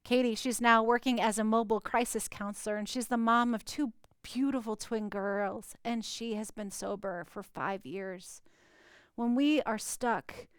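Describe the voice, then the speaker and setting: A middle-aged woman preaching a sermon, with dramatic pauses and quiet, hushed stretches for emphasis. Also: medium pitch, clear, resonant tone, no room sound. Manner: dramatic pauses, drops to a near whisper for emphasis. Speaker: pastor.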